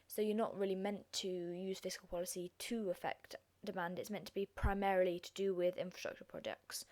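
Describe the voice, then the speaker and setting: A young woman with a croaky, hoarse voice, hosting a chatty, self-deprecating revision lesson. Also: mid-range voice, a little mellow. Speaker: revision video host.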